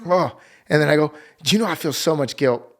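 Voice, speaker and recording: A man's voice: on the high side, brisk, a bit bright. A man, a guest on a podcast, earnestly telling a story about his family and acting out the dialogue. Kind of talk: casual conversation.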